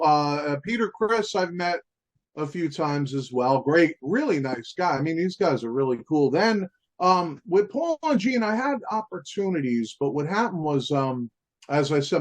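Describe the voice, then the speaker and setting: A male musician guest tells his stories in a loose, rambling way, leaning on fillers and casual asides. His voice sits a little above the usual male range. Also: fairly high pitch. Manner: rambling, filler-heavy, peppered with "man" and "you know". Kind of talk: casual storytelling in an interview.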